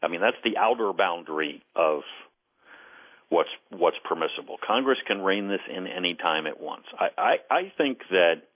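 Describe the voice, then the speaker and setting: With a deep, expressive voice, a man who was once an intelligence case officer talks on a call-in radio interview over the phone. He's earnest and deliberate, often repeating words at the start of a thought.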